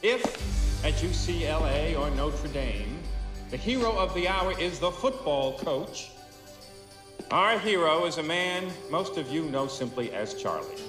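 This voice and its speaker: A man's voice: fairly high pitch, lively intonation, unhurried, loud music behind the voice. An actor playing a formal male announcer introducing a guest of honor in oratorical style. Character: formal male master of ceremonies. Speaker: announcer at a ceremony. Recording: echoey hall.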